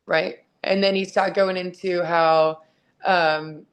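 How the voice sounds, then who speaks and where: Calling in from home with her dog close by, a female wrestler and author gives a frank, emotional interview, cursing openly and not mincing words. Her voice is mid-range and her pace moderate.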